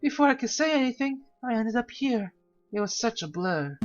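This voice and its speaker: A game player voicing a cheerful, naive young female cat aristocrat with bubbly, sing-song storytelling, over a slightly dull lo-fi recording with soft music behind. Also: mid-range voice, expressive, moderate pace, pitched above the performer's own voice, lightly acted. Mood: eager.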